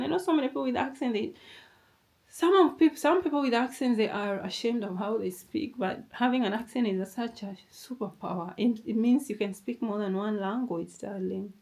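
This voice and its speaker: A woman's voice: on the high side, dark tone. A young adult woman with a non-native English accent giving a motivational talk to camera. She talks emphatically and repeats herself, now and then calling the listener darling. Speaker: motivational vlogger.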